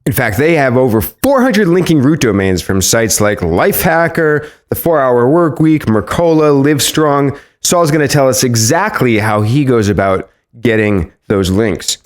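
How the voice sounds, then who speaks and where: Animated man hosting a podcast. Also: normal speed, hardly any pauses. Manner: lively, playful, varies pitch for emphasis. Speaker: podcast host. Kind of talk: scripted podcast intro and interview.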